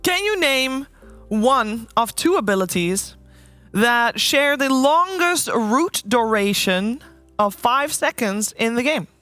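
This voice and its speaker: A woman's voice: fairly high pitch, expressive, slow, a bit bright, faint music behind. Upbeat woman hosting an esports panel. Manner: upbeat, laughs often. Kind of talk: hosting a quiz on a live esports broadcast.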